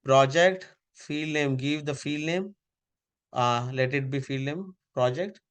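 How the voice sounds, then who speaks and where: A man's voice: medium pitch, slow, clear, resonant tone. A man teaching a live online class over a video call, giving repeated step-by-step instructions.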